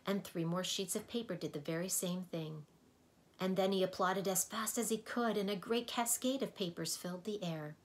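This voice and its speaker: Woman reading a kids' book out loud, kinda low voice, lively. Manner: expressive, lively narration. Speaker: reader. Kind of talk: storybook read-aloud.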